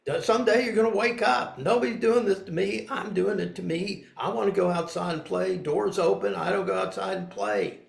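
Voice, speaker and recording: A man's voice: sits high, expressive, moderate pace, creaky, few pauses, reverberant. A man giving a dharma talk as a spiritual teacher, blunt and folksy, moving between reading and emphatic asides.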